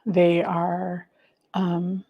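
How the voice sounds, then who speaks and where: A woman hosting a casual livestream, chatting warmly with viewers, gushing and trailing off with many fillers. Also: fairly low pitch, completely flat delivery, very slow, slightly rough, dull audio. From United States. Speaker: livestream host.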